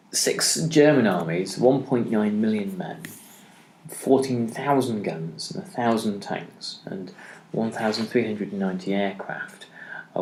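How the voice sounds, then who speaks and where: A man hosting a history podcast who lectures without a script, stopping often on ums and uhs. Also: lowish voice. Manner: halting, many ums and uhs. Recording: roomy echo.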